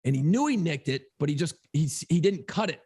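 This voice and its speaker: A man co-hosting a podcast, telling a long story in a casual, profane, animated way. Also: a little high, brisk, slightly rough. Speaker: podcast co-host.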